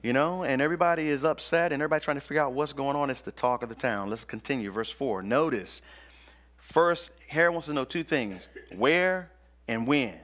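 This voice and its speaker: A man's voice: mid-range voice, brisk, a bit bright. A male pastor preaching a sermon in an emphatic, colloquial, slangy manner.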